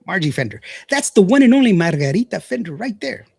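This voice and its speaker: A man's voice: high-pitched, sing-song, fast talker, creaky, darkish tone, breathy edge, no echo. A man hosting a radio show, chatting casually, reading out viewer comments and laughing often. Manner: chatty, laughs often, stumbles over words.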